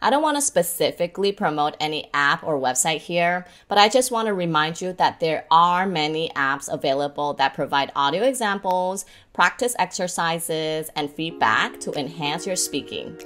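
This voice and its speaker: A woman giving scripted instruction on English pronunciation, saying example words slowly and clearly to model them. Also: low voice, expressive, fairly bright tone.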